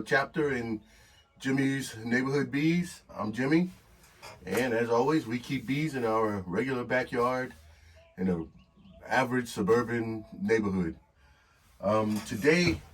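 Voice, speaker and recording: A man chats casually through his home vlog, rambling along with frequent ums and little self-corrections. His voice sits at an ordinary pitch and sounds a little distant from the microphone, recorded indoors. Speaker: beekeeping vlogger. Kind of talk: casual vlog talk to camera. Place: indoors in a storeroom by the backyard.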